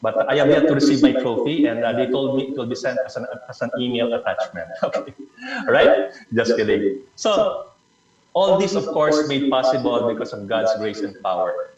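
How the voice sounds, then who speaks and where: A man's voice: medium pitch, expressive, moderate pace, darkish tone, very echoey. Man from the Philippines running an online workshop; encouraging, repeats key words; distant, muffled call audio. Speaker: presenter leading a learning session. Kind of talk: online club workshop talk. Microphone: video call.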